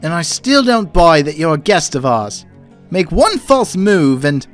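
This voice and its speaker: A hot-headed young male gangster, voiced by an actor for an audiobook. He growls and snaps with a gruff edge, his pitch swinging widely. Faint music plays underneath. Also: sing-song, moderate pace, close to an everyday voice. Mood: irritated. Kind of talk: audiobook character voicing.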